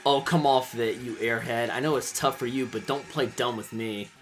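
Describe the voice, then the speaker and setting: A man's voice: mid-range voice, steady tone, normal speed, faint music behind, close to an everyday voice. Man doing a villain commander, pompous, scheming, mocking, menacing, game character.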